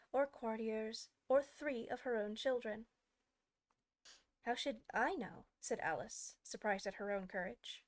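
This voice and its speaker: A woman reading a classic children's book aloud as an audiobook, with expressive, varied pacing. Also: on the high side. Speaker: audiobook reader. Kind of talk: scripted audiobook narration.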